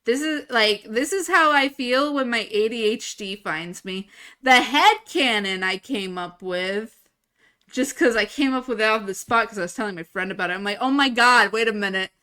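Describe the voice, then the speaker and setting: A woman's voice: a little high, moderate pace, pushed and bright. A young woman streamer chatting casually into a desk mic, rambling and swearing freely. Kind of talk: casual live-stream chat. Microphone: desk microphone.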